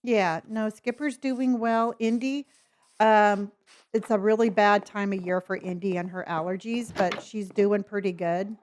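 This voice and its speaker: A woman's voice: mid-range voice, steady tone, measured pace, darkish tone. A woman from California, with a faint Southern lilt in her otherwise neutral accent, chatting casually with viewers on a live stream. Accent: slight Southern lilt mixed with neutral Californian. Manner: chatty and friendly, talks to pets and chat.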